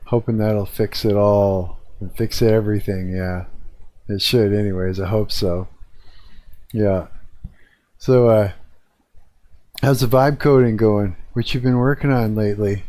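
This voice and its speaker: Young male streamer, chatty profane ranter, low dark-toned voice, desk mic. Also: fairly even intonation, unhurried, pauses often, no echo. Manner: profane, rambling, chatty with viewers. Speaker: live streamer. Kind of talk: casual live-stream rant. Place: hot apartment room with a fan. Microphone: desk mic at computer.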